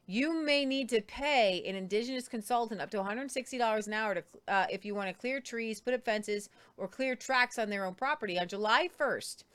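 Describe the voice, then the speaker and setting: A woman's voice: on the high side, fairly quick, hardly any pauses, a bit bright, clear, resonant tone. A woman co-hosting a talk show, reading news articles aloud and commenting on them, with frequent ums and restarts. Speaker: co-host.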